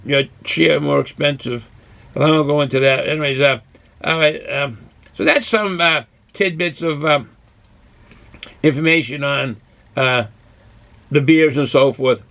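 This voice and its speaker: A man's voice: fairly high pitch, measured pace, gravelly, pauses often, a bit bright. A man from Boston hosting a casual beer review vlog, who rambles and goes off on tangents while drinking and snacking. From Boston, USA. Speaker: beer review channel host.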